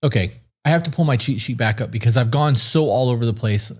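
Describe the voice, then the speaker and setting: A man's voice: mid-range voice, fast, a little mellow. Rambling, profane man co-host. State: short on sleep. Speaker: podcast co-host. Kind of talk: casual chat.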